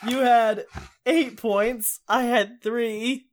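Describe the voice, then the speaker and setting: A man's voice: very high-pitched, fairly even intonation, extremely slow. A man co-hosting a podcast, running a playful improv game in casual chat. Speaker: podcast co-host.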